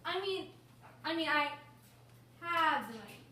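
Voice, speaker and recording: A woman's voice: sits high, moderate pace, slight background noise, pitched above the performer's own voice, natural voice. A woman voicing a nervous, evasive teenager who stammers and hesitates. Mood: flustered. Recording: echoey room from a distance.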